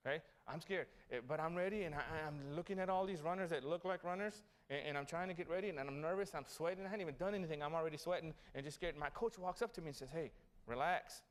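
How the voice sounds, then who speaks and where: A man's voice: fairly high pitch, quick pace, few pauses. A man giving a motivational graduation speech, telling stories and asking the audience questions. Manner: animated storytelling, asks the audience questions. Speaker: graduation guest speaker. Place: city hall event.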